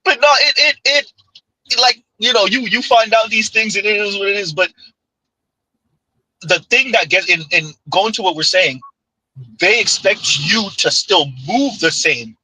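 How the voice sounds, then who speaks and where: A man in casual chat who tells animated stories and fires rhetorical questions. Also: high-pitched, unhurried, husky, no echo, poor audio. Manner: animated storyteller, rhetorical questions, laughs often.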